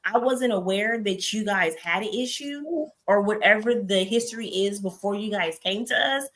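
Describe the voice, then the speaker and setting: A woman's voice: mid-range voice, normal speed, a bit bright. A woman hosting a livestream panel over an online call, chatty and blunt as she keeps the talk in order.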